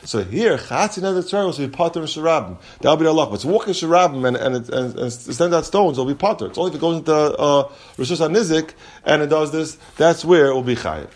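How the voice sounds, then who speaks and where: A man leads a Talmud class. His voice sits a little high and moves in a study singsong. He mixes Hebrew and Aramaic terms into his as he explains. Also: lively intonation, quick pace, hardly any pauses. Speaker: Talmud teacher.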